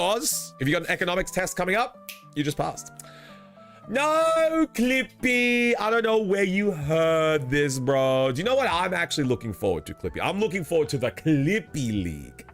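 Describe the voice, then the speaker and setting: A man's voice: medium pitch, a bit bright. A young man streaming live, chatting casually with his viewers, joking, laughing a lot and swearing freely.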